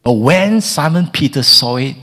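A man preaching a sermon in a lively way. He often stammers and repeats words, and he acts out the people in the story. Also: on the high side, normal speed.

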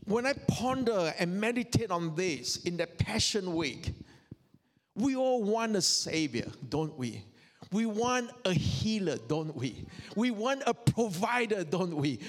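A man's voice: high-pitched, sing-song, measured pace, big-room sound. A man preaching a sermon, earnest and full of rhetorical questions and repeated phrases. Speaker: pastor.

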